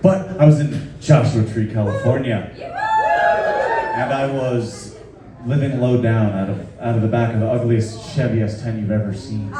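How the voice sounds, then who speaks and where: A man's voice: medium pitch, steady tone, normal speed, heavy background noise. A man telling a loose, profane, self-mocking story on stage between songs. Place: live venue with audience. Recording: echoey live room, far off, crowd. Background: crowd laughing.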